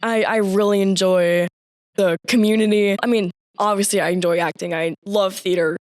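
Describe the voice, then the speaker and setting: A woman's voice: mid-range voice, steady tone, normal speed, no echo. Chatty teen girl, dry sound. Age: teens. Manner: chatty, giggly, lots of fillers. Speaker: high school theater student guest. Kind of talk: casual interview chat.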